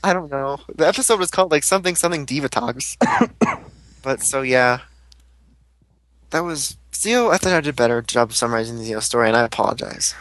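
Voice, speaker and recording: A man's voice: mid-range voice, lively intonation, a little fast, a bit bright, dry recording, low-quality recording. A man chatting casually as a podcast host, rambling through a recap with frequent swearing and fillers.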